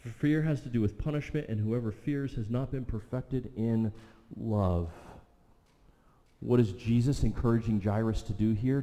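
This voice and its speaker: A man preaching a sermon, retelling a scripture story with vivid asides, slowing down and dropping to a soft voice for emphasis. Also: lowish voice. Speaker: pastor. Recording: long reverb of a large hall.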